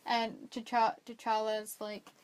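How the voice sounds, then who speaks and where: A woman co-hosting a casual movie review chat, excitable and jokey, acting out moments from her notes. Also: on the high side, slow, clean tone.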